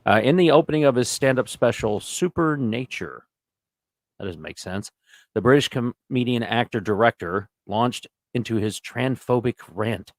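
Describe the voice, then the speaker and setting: Low gravelly guy on a podcast reading stuff out loud, little side comments, dry close sound. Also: lively intonation, moderate pace, no room sound. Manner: reads articles aloud with offhand asides. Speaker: podcast co-host. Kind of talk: casual chat.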